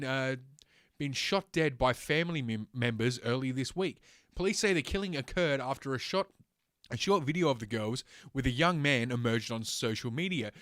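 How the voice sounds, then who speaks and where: A man's voice: medium pitch, a bit bright, no echo, clean studio sound. Sarcastic, foul-mouthed man ranting. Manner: sarcastic, heavy swearing; reads aloud with stumbles and filler. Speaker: host. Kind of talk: solo livestream rant.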